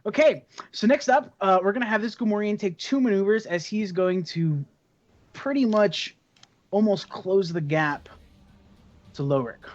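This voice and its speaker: A game master narrates and explains dice results in a relaxed manner, pausing often with fillers. The pitch sits in a middle range. The recording sounds dull and lo-fi. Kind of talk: running a tabletop game.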